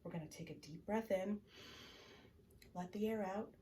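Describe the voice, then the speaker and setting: A woman librarian leading a bedtime story time for children. She speaks in a gentle, soothing way and often drops to a whisper. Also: medium pitch, normal speed, slight background noise. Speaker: children's librarian reading stories.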